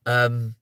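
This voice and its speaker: A man hosting his channel's live stream, emotional and close to tears, talking to viewers in a halting way with heavy sighs. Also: pushed and bright, no echo. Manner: sighing, halting, overwhelmed. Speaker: channel host.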